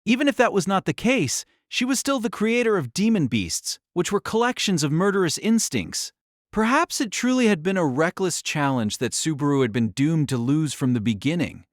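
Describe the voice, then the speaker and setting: Male audiobook narrator, dramatic and lively, fairly high voice, dry studio read. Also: moderate pace, dry recording. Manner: dramatic, expressive storytelling.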